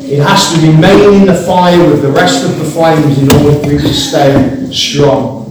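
A man preaching a sermon to his congregation, earnest and rising into impassioned emphasis. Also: on the high side. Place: church building. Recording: echoey church hall, mic at a distance, background noise.

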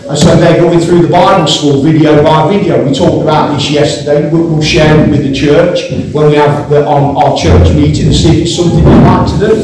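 A man preaching a sermon to his congregation, earnest and rising into impassioned emphasis. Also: fairly high pitch. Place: church building. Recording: echoey church hall, mic at a distance, background noise.

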